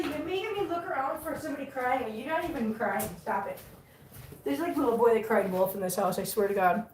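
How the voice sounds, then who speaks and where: A woman's voice: on the high side, expressive, fast talker, a little mellow, distant mic, slight background noise. A woman from the US, chatting casually to her live stream viewers and laughing often. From Southern US. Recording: roomy sound from off mic.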